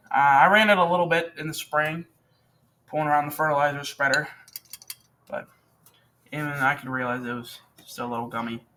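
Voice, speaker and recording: His voice is fairly high with a sharp tone. He's a teenager hosting a casual repair demonstration on his channel, chatting and rambling at a home workbench while correcting himself often.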